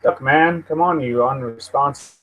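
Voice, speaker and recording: A man's voice: medium pitch, moderate pace, a bit bright, slight background noise, poor audio. A man hosting a casual live news stream, swearing and venting at his computer as he rambles. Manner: profane, easily frustrated, rambling. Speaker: livestream host.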